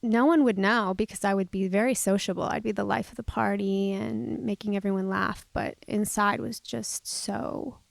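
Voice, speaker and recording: A woman telling a personal story with real candor. Her voice carries a gravelly, fry-touched texture. She drops to a near-whisper at times and presses hard at others, all in a close, dry recording with no room sound. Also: medium pitch, fairly even intonation, moderate pace, hardly any pauses, dry recording. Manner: open and reflective, shifting between soft and emphatic.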